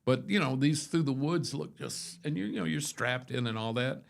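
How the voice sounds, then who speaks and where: Gravelly older man rambling through stories. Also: mid-range voice, moderate pace. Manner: rambling storyteller with many restarts and asides. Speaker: radio show host. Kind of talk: casual morning show chat.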